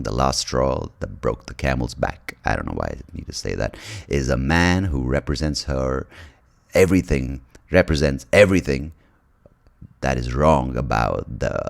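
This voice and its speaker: A man's voice: extremely low pitch, creaky. A young man, hosting a comedy podcast with a profane, sardonic storytelling manner. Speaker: comedian host. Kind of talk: stand-up style monologue and podcast intro.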